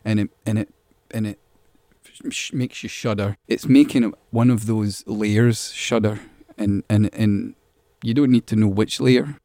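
A man's voice: fairly low pitch, fairly even intonation, a little slow, dark tone, dry recording, studio quality. A man being interviewed as a musician, talking casually and rambling, repeating words as he thinks. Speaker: musician guest.

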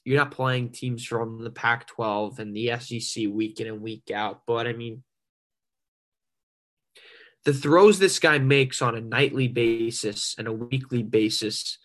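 Bright-voiced young man talking sports. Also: medium pitch, a little slow. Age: young adult. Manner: enthusiastic, stammering restarts. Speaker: podcast co-host. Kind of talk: casual sports podcast chat.

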